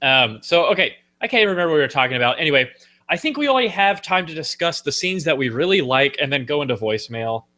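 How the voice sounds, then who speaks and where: A man hosting a casual podcast chat, playful and animated, slipping into quick silly voices from films. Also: fairly high pitch. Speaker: podcast host.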